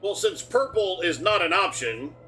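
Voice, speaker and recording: Bright-voiced rambling male game streamer. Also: high-pitched, big pitch swings, normal speed, soft background music. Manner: rambling, joking, talks through on-screen prompts. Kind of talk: casual live game commentary.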